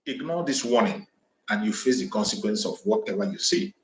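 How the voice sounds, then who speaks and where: Speaking into a home microphone in an echoey room, an activist livestream host from southeastern Nigeria delivers an impassioned address full of fiery, defiant, repeated declarations. His voice is lowish, animated and brisk.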